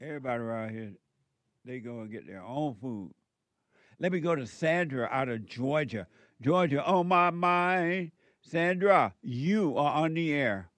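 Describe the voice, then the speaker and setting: A man's voice: medium pitch, animated, normal speed, dry recording. A man hosting a call-in radio show, giving spiritual advice in a drawling, preachy way with frequent chuckles.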